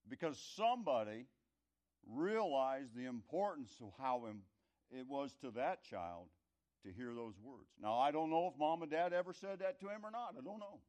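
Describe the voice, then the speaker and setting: Older-ish guy spinning a folksy story, wanders off track, medium pitch, gets loud then quiet. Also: lively intonation, normal speed. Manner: rambling, conversational, loudness rising and falling. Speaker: speaker telling a story to an audience.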